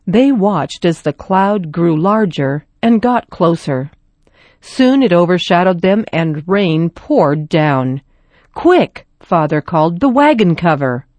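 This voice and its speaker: A woman reading a children's story aloud in a gentle, even storytelling manner. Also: fairly low pitch, slow pace, no echo. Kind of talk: scripted story narration.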